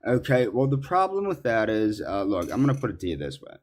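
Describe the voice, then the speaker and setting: A man in a ranting monologue, accusatory and indignant, halting with fillers. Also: on the low side, very animated, a little mellow. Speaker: commentary subject in clips.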